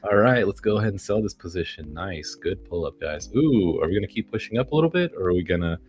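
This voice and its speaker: Deep-voiced man narrating his stock trades. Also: quick pace. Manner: excitable, swearing, talks to the chart. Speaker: day-trading vlogger. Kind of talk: casual live trading commentary.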